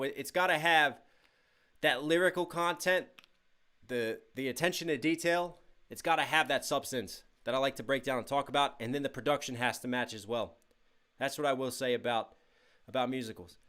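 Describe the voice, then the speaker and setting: The host, a young man with a mid-range voice, moves fairly quickly through donations and chat messages on his casual livestream. His delivery is upbeat and full of hyped shout-outs to chat, tinged with a little fatigue.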